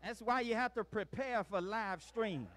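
A woman's voice: a little high, unhurried. A woman leading children in church, coaxing them through call-and-response lines to repeat after her. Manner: coaxing, prompts the group to repeat. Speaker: children's worship leader.

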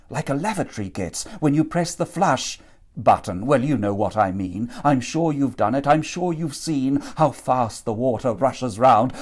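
A man's voice: mid-range voice, a little mellow. A man narrating a rhyming storybook in a playful, theatrical manner.

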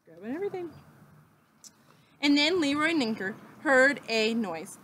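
A woman teacher reading a children's book aloud, slow and expressive with dramatic pauses. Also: high voice, slight background noise.

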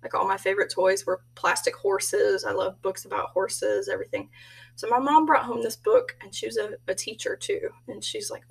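A woman's voice: mid-range voice, fairly even intonation, normal speed, vocal fry, breathy edge, recorded from a distance, low-quality recording. A woman giving a casual self-introduction as a graduate student, telling stories in a chatty way and laughing often.

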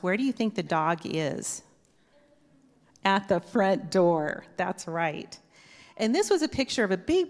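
A woman telling a children's story at church, animated and asking the children questions as she goes. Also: medium pitch. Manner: animated, asks children questions, imitates dog whines. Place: church sanctuary. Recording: long church hall reverb.

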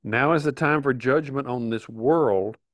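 A middle-aged man earnestly teaching a Bible study, reading verses aloud and pausing to stress them. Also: mid-range voice, no room sound. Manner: earnest, emphatic, reads scripture aloud with pauses.

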